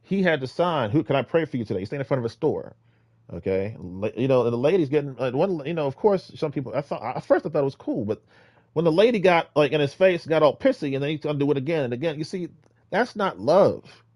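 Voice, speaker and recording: A man giving casual, rambling street-preaching advice, exhorting listeners with many restarts, swinging between loud emphatic bursts and low mutters. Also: animated, fast, no room sound.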